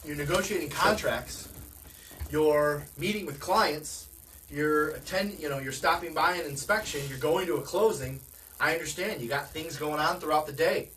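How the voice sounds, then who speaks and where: A man's voice: fairly high pitch, moderate pace, a bit bright, slight background noise. Guy coaching salespeople, direct and chatty, kinda far from the mic. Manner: direct, conversational, asks listeners questions. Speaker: real estate sales coach. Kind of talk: sales training talk.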